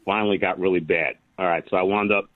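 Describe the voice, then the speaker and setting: A man's voice: sits low, steady tone, quick pace, dry recording. A man in his sixties calling in to a radio talk show, telling a long, rambling story with many restarts. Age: 60s. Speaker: caller. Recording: phone line.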